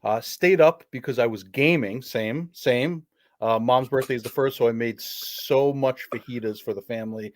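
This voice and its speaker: A man's voice: mid-range voice, moderate pace. A man co-hosting a live stream, chatting in a laid-back way with fillers. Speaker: co-host. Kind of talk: casual chat.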